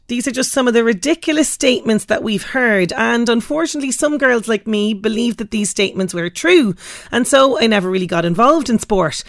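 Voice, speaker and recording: A woman hosting a radio interview, chatty and warm, with lots of fillers. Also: a little high, animated, a little fast, dry recording, clean studio sound. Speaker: radio host.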